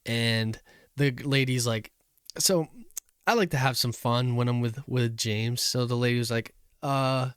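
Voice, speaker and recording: A man's voice: mid-range voice, a little slow, fairly bright tone, smooth, no room sound, clean studio sound. A young man co-hosting a casual podcast, rambling through a story, laughing often and yelping the punchlines. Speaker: podcast co-host. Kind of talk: casual chat.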